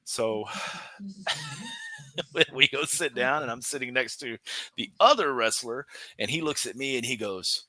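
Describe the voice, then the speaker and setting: Wrestler guy telling a story on a podcast, laughs a lot, bright dry voice. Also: mid-range voice, measured pace, pauses often, no room sound. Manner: animated, laughing storyteller with many restarts. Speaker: professional wrestler, podcast guest. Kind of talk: casual storytelling interview.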